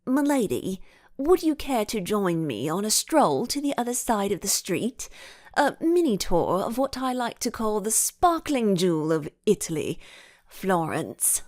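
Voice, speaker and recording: A woman's voice: medium pitch, big pitch swings, normal speed, hardly any pauses, no room sound, clean studio sound, close to an everyday voice. A woman voicing Ava, a confident and playful young girl detective in a kids' audiobook. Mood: mock-formal. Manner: playful, mock-formal. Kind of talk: audiobook character voice.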